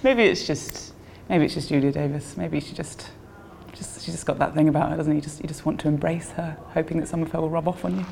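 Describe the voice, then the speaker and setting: A woman's voice: low-pitched, steady tone, fast, vocal fry, big-room sound, a loud crowd, very noisy. A woman telling an embarrassing story with giggles and self-mockery. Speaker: storyteller guest. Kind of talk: pre-recorded comic anecdote.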